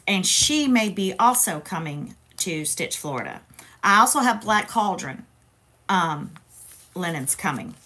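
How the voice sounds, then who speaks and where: A woman's voice: medium pitch, bright, forceful tone. A woman hosts a casual crafting livestream, chatty and playful, talking straight to her viewers.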